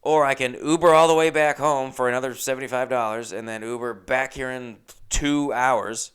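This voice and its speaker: A young man hosting a podcast, telling a casual story with lively asides, acting out other people's lines and swearing freely. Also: medium pitch, normal speed, clean tone. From Los Angeles. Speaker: podcast host.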